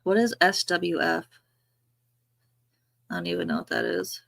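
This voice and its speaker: Gravelly-voiced chatty woman on a livestream. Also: fairly low pitch, big pitch swings, a little slow, fairly bright tone, no room sound, studio quality. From New York. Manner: chatty, drifting, lots of likes and fillers. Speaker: livestream co-host. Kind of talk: casual gossip chat.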